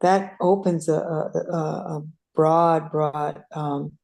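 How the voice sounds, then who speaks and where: A woman's voice: sits low, steady tone, takes it slowly, a little mellow. A woman from Brazil speaking in an online meeting, tired and hesitant, with many restarts. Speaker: meeting participant. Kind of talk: casual online meeting talk. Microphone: video call.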